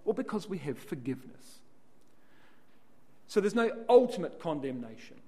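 A man with a somewhat high voice leads a Bible study. He reads each verse aloud and then unpacks it, posing questions to the listeners and answering them himself. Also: sing-song, normal speed, dark tone. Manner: explanatory, asks and answers his own questions. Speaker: Bible class speaker.

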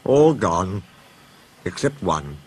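Kind railway boss, guy doing the voice, gentle and reassuring, noisy background. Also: deep voice, sing-song, takes it slowly, exaggerated voice. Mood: kindly.

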